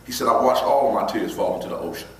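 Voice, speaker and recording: A man giving a motivational keynote, telling a personal story in a lively, conversational way with bursts of laughter. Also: fairly low pitch, very fast. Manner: animated, breaks into laughter, imitates friends with quieter voice. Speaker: motivational speaker. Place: large hall before an audience. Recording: echoey hall, voice from far off.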